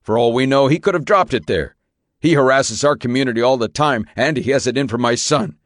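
A man's voice: on the low side, brisk, dry recording, clean studio sound, natural voice. A man playing an accused father who insists on his innocence in an earnest, pleading way. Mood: protesting. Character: accused middle-aged father, earnest and indignant.

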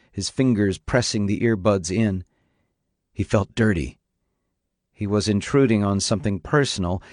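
A man narrating a novel on radio in a measured, even storytelling manner. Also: on the low side, no room sound, studio quality. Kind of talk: audiobook reading on radio.

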